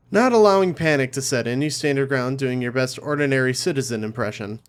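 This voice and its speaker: A man's voice: medium pitch, brisk, hardly any pauses, smooth. A man playing a story game, reading the narration aloud and adding casual asides of his own. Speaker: let's play host. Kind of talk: reading a visual novel aloud with commentary.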